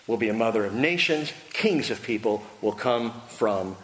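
God as a preacher voices him, low, calm and firm, echoey hall. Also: male voice. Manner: low, measured, reassuring. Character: God, deep, firm and patient. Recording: echoey hall with faint noise.

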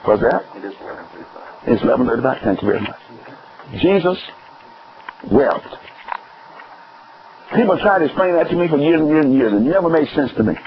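Male preacher mid-sermon, questions the room, leaps high then drops low; slightly high voice, lo-fi. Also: lively intonation, fast, a crowd in the background. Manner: questioning the congregation, swinging from high exclamations to low emphatic words. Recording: dull lo-fi recording with faint noise.

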